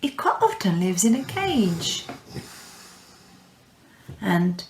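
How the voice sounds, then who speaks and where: A woman teaching French to young children in a recorded lesson, speaking clearly and encouragingly and repeating words for her pupils. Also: mid-range voice, big pitch swings, slow, slight background noise. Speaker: primary school French teacher. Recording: echoey room.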